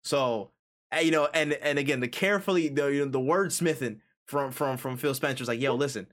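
A man co-hosting a casual gaming podcast, animated and profane, acting out imagined quotes. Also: mid-range voice, fairly quick. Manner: animated, acts out quotes, swears freely. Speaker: podcast co-host.

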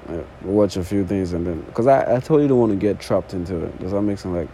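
Low, mellow young man rambling casually. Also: quick pace, slight background noise, rough recording. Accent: non-native English accent. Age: early 20s. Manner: rambling, casual, swears often, repeats false starts. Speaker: podcast host. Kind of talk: unscripted solo monologue. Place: sitting on the floor indoors.

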